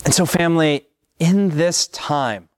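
A man preaching a sermon as pastor, slow and measured, repeating phrases with long pauses. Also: fairly high pitch, clean tone, dry recording, clean studio sound.

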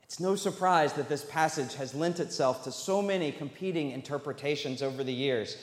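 A man's voice: fairly high pitch, moderate pace. A man preaching a sermon as pastor, talking in a conversational way and putting questions to the congregation. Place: church sanctuary. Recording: echoey hall, long reverb.

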